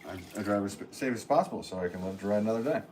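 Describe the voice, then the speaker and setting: Potter guy chatting on a livestream, lowish voice, laid back and jokey, noisy studio. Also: rapid-fire. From northwest Connecticut. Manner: relaxed, rambling, joking, chuckling often. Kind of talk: casual livestream chat, reading viewer comments.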